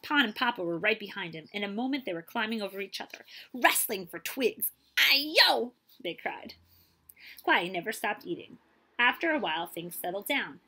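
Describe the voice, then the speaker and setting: A woman librarian reading a picture book aloud to children, lively and expressive, asking them questions and dropping to a whisper for suspense. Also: mid-range voice, a little fast, breathy edge.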